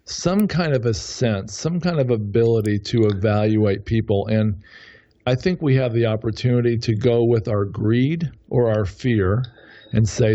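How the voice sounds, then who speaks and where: A real estate investor appears as a guest on a podcast, talking casually in a casual interview. His mid-range voice is mellow and a little slow, and he rambles, often correcting himself mid-sentence. The sound is lo-fi.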